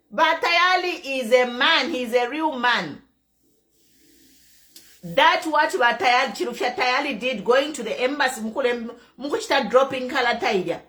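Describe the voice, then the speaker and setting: A woman's voice: sits high, fairly bright tone. A middle-aged Zambian woman giving impassioned political commentary, emphatic and repeating her key points. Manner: emphatic, repeats key phrases, mixes in local language. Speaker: online commentator.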